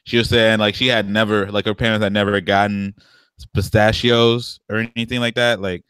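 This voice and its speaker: A man's voice: lowish voice, level tone, moderate pace, a bit bright, clear, resonant tone, dry recording. A man co-hosting a podcast in a casual, slangy chat, telling stories and laughing often. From family from the American South. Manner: laid-back slangy storytelling, laughs a lot. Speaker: podcast co-host.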